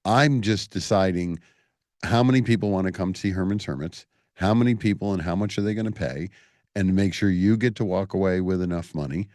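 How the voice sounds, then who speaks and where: A man with a very low voice hosts a radio interview, upbeat and quick to laugh. The sound is dry and close, with no room around it. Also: a little mellow, dry recording. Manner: enthusiastic, laughs easily, talks business. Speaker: radio host and club owner. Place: radio studio.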